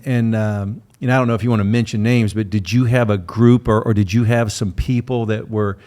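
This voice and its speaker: A man's voice: lowish voice, darkish tone. A middle-aged man, a coach hosting an interview, asking long, rambling questions with many restarts. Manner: halting, many fillers and restarts. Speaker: coach, podcast host.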